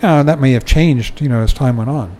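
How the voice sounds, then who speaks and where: A man's voice: medium pitch, a little fast, dark tone, a little hiss or hum, poor audio. An older man giving a dharma talk, reading from a book and commenting in a conversational way, often chuckling and saying "you know".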